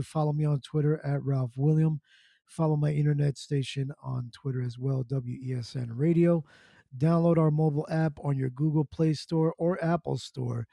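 Man, online radio host, gravelly, dry close mic, playful and loose. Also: on the high side, dark tone, dry recording. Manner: playful, repeats nicknames. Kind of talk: casual radio show talk.

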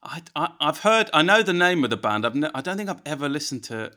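A man hosting a podcast in casual chat, upbeat and quick with encouraging replies. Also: a little high, sing-song, sharp tone. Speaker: podcast host.

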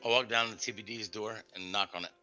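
A man's voice: fairly low pitch, fairly even intonation, fast talker, bright, forceful tone, dry recording, soft background music, poor audio. A man playing a tabletop role-playing game, stammering through hesitant explanations. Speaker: player.

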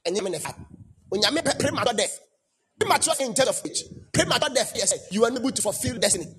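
A pastor preaching a fiery sermon, shouting and chanting repeated declarations. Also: male voice, very high voice, lively intonation, fast talker, slightly rough. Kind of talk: fiery sermon mixing Twi and English.

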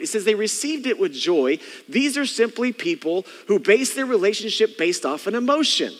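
A man with a high voice preaches to his congregation in a loose, conversational way. He keeps dropping into playful impressions of bored or eager churchgoers. His words ring out with the long reverb of a large church. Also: big pitch swings, moderate pace, a bit bright. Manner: conversational preaching, mimics churchgoers' inner thoughts. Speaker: pastor. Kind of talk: sermon.

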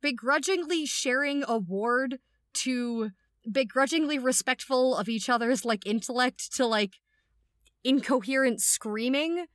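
A woman co-hosting a casual podcast chat, animated, reading out quoted lines from a story. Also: high-pitched, unhurried, dry recording. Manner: animated, reads out quoted lines with dry voices. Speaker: podcast co-host.

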